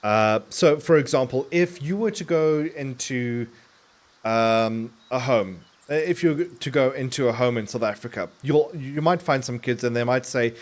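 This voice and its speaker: A male game streamer talks casually at a middling pitch while he plays. He rambles, breaks off and restarts his sentences, and swears often, but his words are crisply enunciated. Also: animated, normal speed. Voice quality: clearly enunciated.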